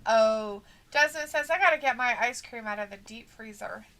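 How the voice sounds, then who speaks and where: Bright, giggly woman reading chat. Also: on the high side, moderate pace. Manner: playful and giggly, teasing. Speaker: co-host of a wrestling watch-along stream. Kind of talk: casual chat, reading viewer comments aloud.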